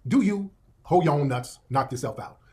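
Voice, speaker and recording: A man's voice: fairly high pitch, expressive, normal speed, darkish tone, husky. A man giving impassioned commentary in an emphatic, preachy way.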